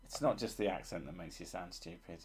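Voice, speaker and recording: A man's voice: low voice, brisk. A man hosting a casual live stream, reading chat with dry, sweary teasing.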